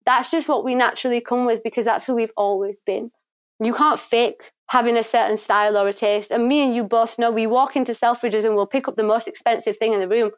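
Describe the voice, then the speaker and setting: A woman giving a psychic reading, talking passionately and quickly, swearing freely and affirming the listener. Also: on the high side, steady tone, smooth, no room sound. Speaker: psychic reader and guest. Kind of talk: intuitive reading, casual and emphatic. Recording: dry, slightly muffled recording.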